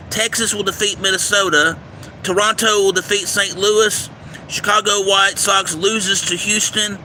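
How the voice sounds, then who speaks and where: A man with a very bright, fairly high voice reads through a baseball schedule on a livestream, listing matchups one by one and tripping over unfamiliar names. He is outdoors, with faint traffic noise behind him. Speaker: livestream host giving baseball picks. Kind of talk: casual livestream commentary. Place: outdoors near a railway. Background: faint traffic and train noise.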